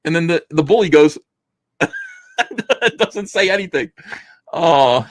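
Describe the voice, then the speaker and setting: A man's voice: fairly high pitch, expressive, slow pace, pauses often, no room sound. A man hosting a comic book review, chatting casually with sarcastic jokes and laughter, acting out the panels as he reads. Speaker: host reviewing comic books. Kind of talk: casual review chat, reading aloud.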